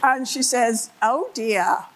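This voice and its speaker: An older woman with an English accent delivers a conference keynote with a slightly high voice. She tells case stories with energy and slips into the voices of the people in them. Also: takes it slowly, noisy background. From England. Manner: animated, acts out voices in her stories. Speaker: therapist giving a conference talk. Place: conference hall.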